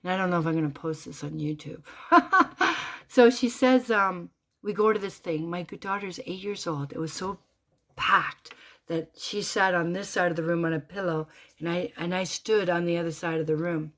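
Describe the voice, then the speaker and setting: A woman telling a personal story in a casual, animated way, dropping to hushed whispers and rising to loud exclamations. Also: on the low side, moderate pace.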